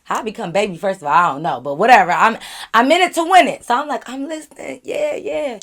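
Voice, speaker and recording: A woman vlogger telling a casual storytime, animated and chatty, talking straight to her viewers. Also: mid-range voice, fast talker.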